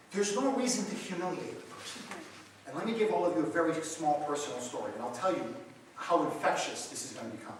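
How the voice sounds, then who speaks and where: A man's voice: fairly high pitch, fairly bright tone, slight background noise. A man, a radio talk show host, answering audience questions at a seminar with passionate, preachy storytelling. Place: large meeting room. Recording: echoey hall, recorded from far off.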